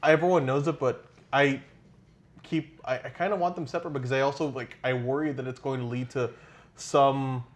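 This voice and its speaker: A man's voice: medium pitch, fairly even intonation, brisk. A man co-hosting a wrestling podcast, rambling casually with many restarts and swearing. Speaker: podcast co-host. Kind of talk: casual chat.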